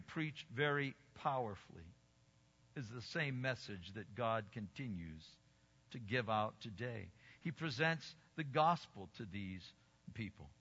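An older male pastor preaches with a bright, slightly high voice, his delivery rising into forceful exclamations and dropping into quiet asides. The recording sounds dull and muffled, and a long reverb trails behind his words. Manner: emphatic, swinging between loud exclamations and quiet asides. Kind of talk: sermon. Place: church sanctuary.

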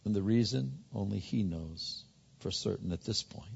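A man's voice: fairly low pitch, expressive, normal speed, vocal fry, darkish tone, slightly rough. A male pastor preaching a conversational sermon, often repeating words as he builds to a point. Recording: muffled sound with long hall reverb.

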